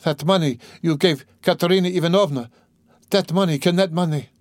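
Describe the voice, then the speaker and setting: A frantic young woman cries out in a high, pleading voice, bewildered and desperate, as a male audiobook reader puts her on. Her words come urgent and tearful over a dry, close recording. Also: fairly quick, no room sound, natural voice. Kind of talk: audiobook character voice.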